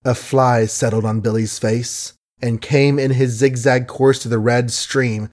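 A man reading a novel aloud in measured, wry narration, with asides to the listener. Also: medium pitch, fairly even intonation, a little mellow. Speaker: audiobook narrator. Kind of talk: scripted literary narration.

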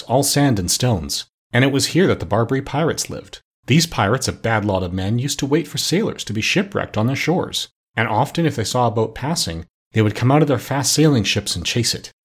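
A man reading a children's story aloud as an audiobook narrator, with steady storytelling. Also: mid-range voice, breathy edge. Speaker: audiobook reader. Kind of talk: scripted narration.

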